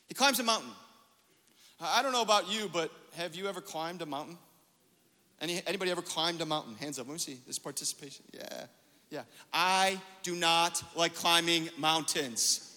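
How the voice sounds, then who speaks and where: A man preaching a sermon as pastor, telling a story with lively quoted dialogue. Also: fairly high pitch, in a large hall.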